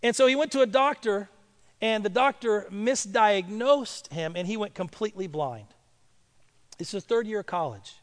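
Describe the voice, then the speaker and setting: A male pastor telling a story in a sermon and building to loud, emphatic preaching. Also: sits high, animated, normal speed, long reverb tail.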